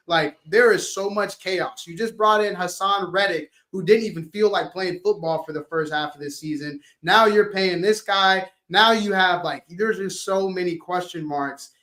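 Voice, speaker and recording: Young male co-host, high voice, slangy animated sports chatter. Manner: animated, uses slang, acts out quotes. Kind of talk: casual sports talk.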